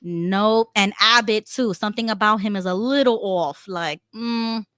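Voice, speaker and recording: A woman's voice: medium pitch, a little slow, bright, forceful tone, smooth, no echo. A woman co-hosting a casual political talk stream, chatting, laughing often and reading out viewer comments. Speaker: co-host.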